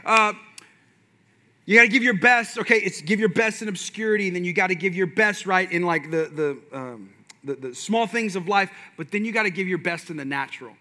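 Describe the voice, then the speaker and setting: A man's voice: high-pitched, fairly quick, sharp tone. A man in his thirties preaching a sermon with passion and energy, mixing in folksy asides. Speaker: pastor.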